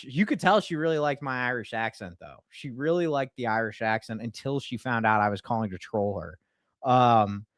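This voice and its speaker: A male streamer chatting casually with his viewers in an excitable, gleeful way, swearing freely. His voice sits at a middle pitch. The sound is dry and close, with no room around it. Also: dry recording. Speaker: streamer and prank caller. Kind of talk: casual live-stream chat.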